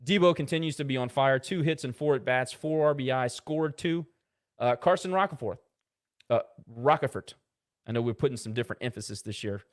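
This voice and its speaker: A man co-hosting a casual sports podcast, rattling off box-score stats with quick asides. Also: mid-range voice. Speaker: podcast co-host.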